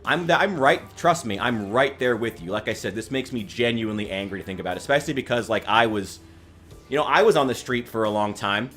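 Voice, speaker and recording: A man's voice: mid-range voice, lively intonation, fairly quick, fairly bright tone, soft background music. Angry, swearing man streaming. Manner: angry, swearing, rambling with restarts. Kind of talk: casual commentary reacting to news.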